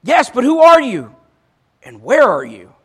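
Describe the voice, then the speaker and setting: A man voicing a desperate man clinging to a branch on a cliff, panicked and shouting for help. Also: extremely high pitch, huge pitch swings, a little slow, slightly rough, voice pushed up, exaggerated voice. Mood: pleading.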